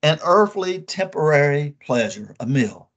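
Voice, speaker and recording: A man preaching a sermon with emphatic, drawn-out phrases and rhetorical questions to his listeners. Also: on the high side, big pitch swings.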